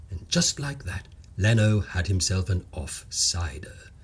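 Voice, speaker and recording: A man's voice: low voice, sing-song, unhurried, slightly rough. A man reading a comic story aloud in a wry, playful storytelling manner. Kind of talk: comic scripted narration.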